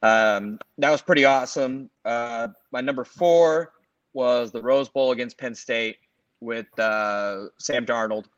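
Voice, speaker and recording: A man's voice: mid-range voice, measured pace, no room sound, highs cut off. A man in his forties from the Los Angeles area, rambling through a casual sports chat as a podcast co-host, full of fillers and self-corrections. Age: 40s.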